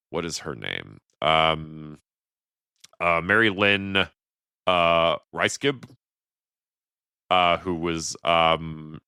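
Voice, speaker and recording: A man's voice: sits low, bright, forceful tone, clear, resonant tone, dry recording, clean studio sound. A man in his thirties co-hosting a podcast, rambling casually about a movie and breaking into quoted lines. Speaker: podcast co-host.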